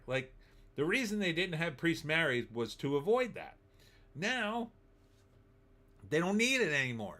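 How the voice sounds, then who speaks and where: A man's voice: fairly high pitch, sharp tone. A middle-aged man from New Jersey hosting a casual live stream, reading viewer comments aloud and answering them with sarcastic asides. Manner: chatty, sarcastic, reads chat comments aloud. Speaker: livestream host reading viewer chat.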